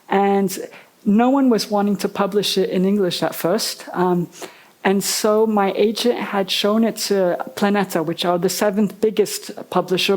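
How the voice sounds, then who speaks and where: A woman's voice: medium pitch, darkish tone, rough recording. A woman novelist talking with an interviewer at a live festival event. She is chatty, laughs often and acts out the people she quotes.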